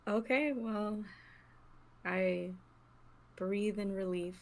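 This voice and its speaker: Female player, deliberate and slow-paced, casual game chat. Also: mid-range voice, steady tone.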